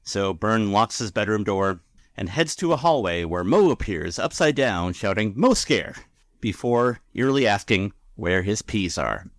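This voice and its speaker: A man's voice: fairly low pitch, lively intonation, moderate pace, dry recording, studio quality. A man co-hosting a podcast, casually recapping an episode in a rambling, filler-heavy way. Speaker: podcast co-host.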